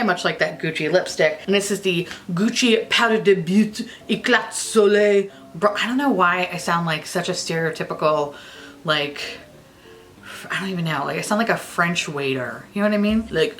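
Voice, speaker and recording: Young woman, beauty vlogger; bright, lower-pitched, chatty and profane. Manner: chatty, swears freely, jokey asides. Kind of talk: casual chat to camera.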